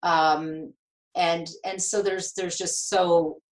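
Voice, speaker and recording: A middle-aged woman, a nurse turned speaker, telling her story as an interview guest in an animated, emotional way with frequent restarts. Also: lowish voice, slow, low-quality recording.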